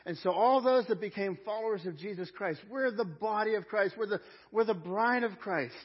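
A male pastor preaching a sermon, repeating key phrases and swinging between loud proclamation and hushed storytelling. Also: sits high, moderate pace, breathy edge, dull audio.

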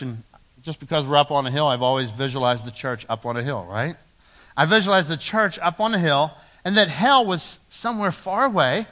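A man preaching a sermon as pastor in a church, swinging from loud emphatic lines to low, hushed ones.

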